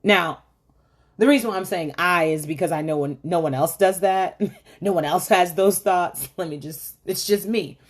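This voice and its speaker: A woman's voice: on the low side, normal speed. A middle-aged woman hosting a motivational faith-based talk, telling stories in a chatty way with many asides and frequent laughs. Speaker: host of a women's faith talk.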